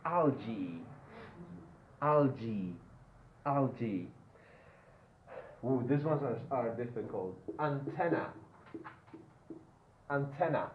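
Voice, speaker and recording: A man's voice: mid-range voice, expressive, a little hiss or hum. A male English teacher paces through pronunciation drills, saying each word again and again and checking in with "yeah?". His voice comes through a tinny, phone-like line. The room around him is echoey. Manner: repeats words slowly for pronunciation drills, often asks "yeah?". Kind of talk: online grammar lesson.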